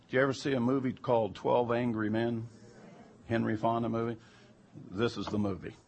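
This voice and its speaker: A man's voice: mid-range voice, steady tone, normal speed, gravelly, darkish tone, a little hiss or hum. A man telling a personal anecdote in an emphatic way that turns heated and incredulous. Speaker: storyteller recounting jury duty.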